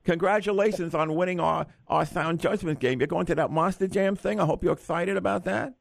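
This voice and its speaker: Man doing a high, gravelly-voiced boxer impression, boastful, stammering. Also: fairly quick, no echo, studio quality. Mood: aggrieved. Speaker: radio host.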